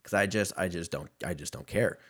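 A man's voice: low-pitched, fairly quick. A man rambling in a casual, profane solo monologue, laughing often and drifting between topics.

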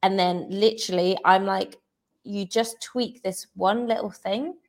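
A woman's voice: mid-range voice, fairly even intonation, unhurried. A woman coach co-hosting a podcast, talking through coaching experiences in a reflective, conversational way. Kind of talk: casual chat.

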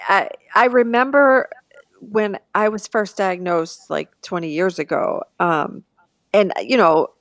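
A woman speaking candidly as a guest in a personal conversation, halting with frequent restarts and turning animated when she quotes others. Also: medium pitch, no room sound.

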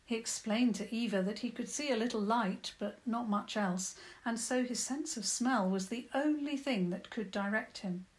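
A woman calmly and gently narrating a children's story. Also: fairly high pitch, moderate pace, few pauses.

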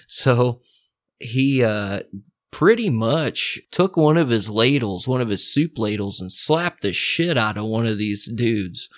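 A man's voice: mid-range voice, lively intonation, unhurried. A man hosting a podcast who tells a true-crime story casually, loose and profane, with lots of fillers and asides. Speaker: podcast host.

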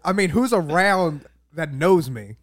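A man's voice: on the high side, lively intonation, measured pace. A young man in casual podcast chat, defiant and profane. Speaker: podcast co-host.

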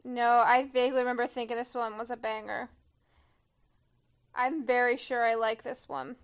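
A young woman co-hosting a podcast, chatting excitedly and quickly about a movie while watching it. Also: a little high, smooth. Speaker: podcast co-host. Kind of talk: casual movie watch-along chat.

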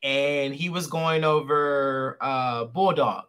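A man's voice: mid-range voice, takes it slowly, a bit bright, smooth. A man hosting a podcast, telling stories in casual chat with lots of fillers and restarts. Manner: rambling storyteller with many fillers and restarts. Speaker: podcast host.

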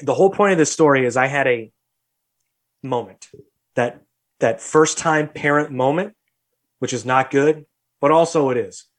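A young adult man hosting a podcast, telling a story in a lively, profane, casual way. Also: mid-range voice, normal speed, long pauses. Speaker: podcast host.

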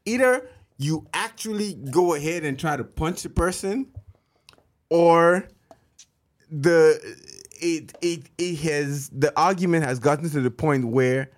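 A Nigerian man with a slightly raised voice who thinks out loud as he talks. He often stops and restarts his sentences in a relaxed conversation with friends. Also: on the high side. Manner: thoughtful, halting, restarts often. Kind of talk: casual chat.

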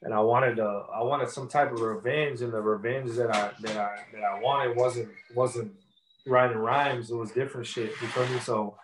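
A man's voice: medium pitch, fairly even intonation, normal speed, noisy background. Laid-back young man rapper, slangy talk. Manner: loose slang-heavy street talk, many fillers. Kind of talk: casual interview storytelling.

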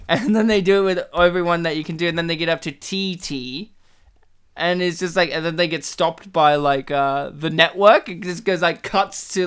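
Smooth-voiced man riffing on a film. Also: a little high, moderate pace, a bit bright. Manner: rambling, acts out silly imagined scenes. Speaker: podcast co-host. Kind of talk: casual film commentary chat.

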